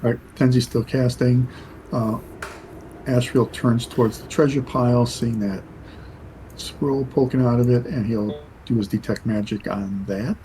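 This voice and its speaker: A man takes part in a tabletop game, laying out his characters' actions plainly. His voice is mellow, and faint noise sits under the voice-chat audio. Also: medium pitch, fairly even intonation, measured pace, poor audio. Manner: matter-of-fact, stating character actions. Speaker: player.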